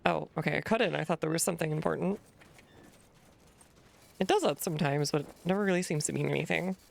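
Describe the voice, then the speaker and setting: A woman's voice: deep voice, fast, vocal fry, a little hiss or hum. A woman streaming a game, talking wryly and thinking aloud as she reads the text on screen. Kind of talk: let's play commentary.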